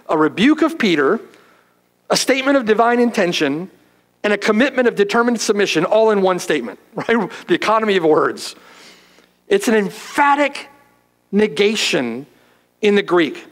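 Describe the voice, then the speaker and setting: Male pastor, fairly high voice, emphatic expository preaching that turns into quiet prayer. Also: sing-song, rough recording. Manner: emphatic, asks "right?" often; hushed, slow in closing prayer. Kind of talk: expository sermon.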